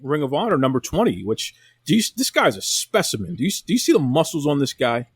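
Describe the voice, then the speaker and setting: A man's voice: fairly high pitch, sing-song, fast, slightly rough. A man hosting a casual wrestling podcast, talking with enthusiasm and often repeating phrases. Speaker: podcast host.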